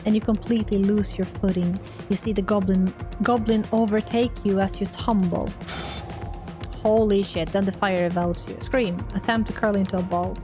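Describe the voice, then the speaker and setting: Over music, a woman streaming a role-playing game reads its text out loud and responds to what happens. She speaks at a medium pitch and moderate pace. Animated throughout, she curses and laughs at her failures.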